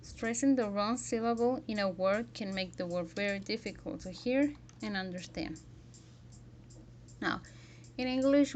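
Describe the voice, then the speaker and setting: A woman's voice: mid-range voice, slight background noise. A woman teaching a pronunciation lesson, carefully modelling example words one by one.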